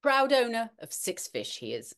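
A middle-aged woman, co-hosting a casual weather chat, animated and talkative, with frequent ums and restarts. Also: a little high, normal speed. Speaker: podcast co-host, weather presenter.

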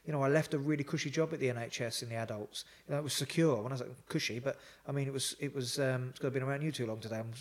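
A man tells a story with plenty of animation in a relaxed interview. His voice sits at a middling pitch, and he swears and laughs easily. He sounds like a talkative guest who is at ease with his host. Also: rapid-fire, few pauses. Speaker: psychotherapist guest.

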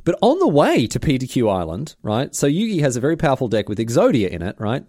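A man co-hosting a podcast in casual chat, jokey and animated, often mimicking cartoon voices. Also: mid-range voice, fast, dry recording, studio quality. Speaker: podcast co-host.

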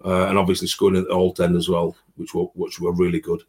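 A man with a deep, husky voice tells football stories at a quick clip. His delivery is animated and chatty, and he slips into other people's voices as he recalls them. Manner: animated anecdote teller, mimics others. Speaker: former footballer guest. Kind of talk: casual chat, storytelling.

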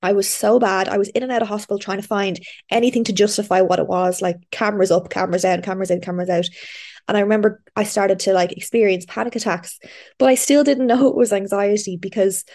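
A podcast host from Ireland recounts something personal in a relaxed interview setting. She speaks fast in a mid-range, slightly mellow voice with a steady tone, and her storytelling is candid and chatty, full of fillers and restarts.

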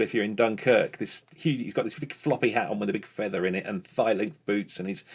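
A low-pitched man with a gravelly edge to his voice tells a story in easy conversation. He hesitates often and fills the pauses as he goes. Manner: chatty, hesitant with many fillers and laughs. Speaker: author guest.

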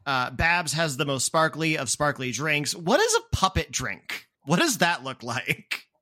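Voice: mid-range voice, sing-song, a little slow, sharp tone. A game master narrating a tabletop game in a chatty way with many fillers.

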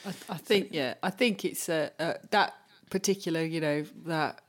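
Chatty woman agreeing along on a podcast. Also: low voice. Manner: chatty, quick to agree with "yeah, yeah". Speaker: podcast co-host. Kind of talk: casual chat.

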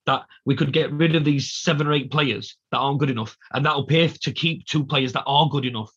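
Man, husky, fast-talking, ranting, dull lo-fi audio. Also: medium pitch, fairly bright tone. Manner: ranting, emphatic, repeats himself. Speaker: podcast co-host. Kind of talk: casual football chat.

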